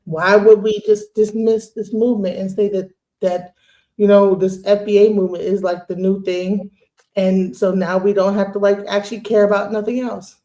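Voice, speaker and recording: A man's voice: sits high, flat delivery, normal speed, mellow. A man in a streamed debate making an earnest case through a string of questions. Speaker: debate participant. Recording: echoey room sound.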